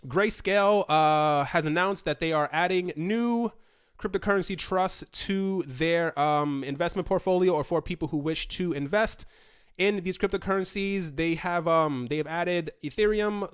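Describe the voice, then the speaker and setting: Chatty man with a smooth voice. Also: on the high side, normal speed. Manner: chatty, rambling, many fillers and restarts. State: running out of breath. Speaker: crypto news video host. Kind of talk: casual solo commentary.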